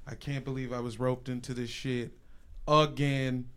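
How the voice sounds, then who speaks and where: A man co-hosting a casual sports podcast, ranting in exasperation and swinging from low mutters to loud, swearing outbursts. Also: flat delivery, unhurried, smooth. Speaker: co-host, Washington football fan.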